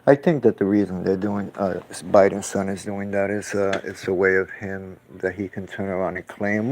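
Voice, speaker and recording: A man's voice: low voice, fairly even intonation, normal speed, a little mellow, poor audio. A man who paints, ranting in casual, profane, scornful commentary while reacting to clips.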